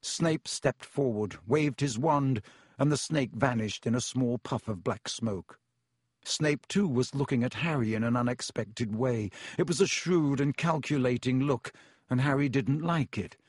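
Male audiobook narrator, measured, dry close-miked sound. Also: mid-range voice, slightly rough, no room sound. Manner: measured storytelling with voiced characters.

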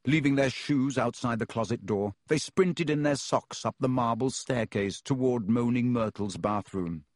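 A man's voice: mid-range voice, moderate pace, dry recording. Male audiobook narrator, dry close sound. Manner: steady storytelling. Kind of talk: scripted narration.

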